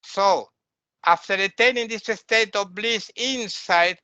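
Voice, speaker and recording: Brief: male teacher, high bright voice, unhurried, dry close sound. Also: clear, resonant tone, no echo, muffled recording. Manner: unhurried, explains terms, asks listeners questions. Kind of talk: spiritual lecture.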